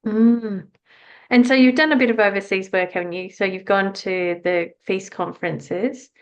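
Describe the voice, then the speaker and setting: A woman podcast host leads a relaxed interview. She encourages her guest with short affirming replies and gentle questions. Her voice sits at a medium pitch. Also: normal speed. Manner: encouraging, affirming, brief prompts. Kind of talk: casual interview conversation.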